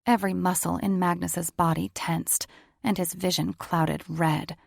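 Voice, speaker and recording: A woman narrating a romance audiobook in an even, measured storytelling voice. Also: fairly low pitch, vocal fry, no echo, studio quality.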